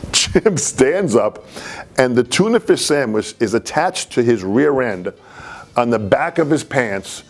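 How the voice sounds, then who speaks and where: A man telling a personal anecdote in an animated way, laughing as he goes. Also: medium pitch, slow pace. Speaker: storyteller.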